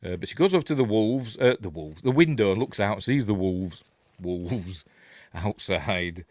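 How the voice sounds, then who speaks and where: A man's voice: on the low side, sing-song, fast talker, a little mellow, dry recording. A middle-aged man with a Yorkshire accent hosting a rambling, chuckling film breakdown, going off on tangents as he talks. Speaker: film review host. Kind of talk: casual film commentary.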